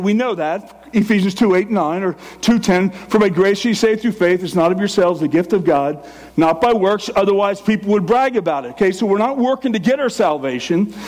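Older male pastor, high voice, fast emphatic sermon delivery with joking asides.

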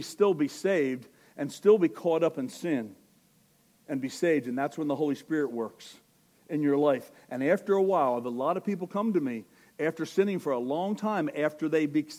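High-voiced man preaching a sermon. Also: normal speed, a little mellow. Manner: conversational preaching, acts out quotes. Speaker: pastor.

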